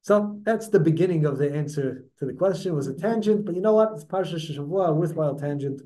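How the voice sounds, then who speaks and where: A man with a notably high voice gives a Torah class, speaking. He lectures in an animated way, stalling on repeated words before pressing his point. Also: fast, low-quality recording. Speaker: Torah teacher.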